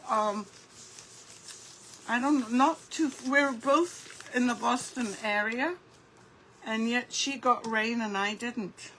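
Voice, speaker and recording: Woman doing a craft livestream, higher voice, slow easy talk, greets folks by name, bit of hiss behind. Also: bright, forceful tone, rough recording. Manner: chatty, greets viewers by name while crafting. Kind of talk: casual craft livestream chat. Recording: faint background noise.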